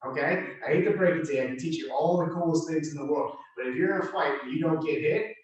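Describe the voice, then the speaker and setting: A somewhat high-voiced man coaches a student through a drill, repeating short reassuring cues. He is picked up from across a very echoey room, a little distant from the mic. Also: fast, highs cut off. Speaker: self-defense instructor. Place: martial arts gym.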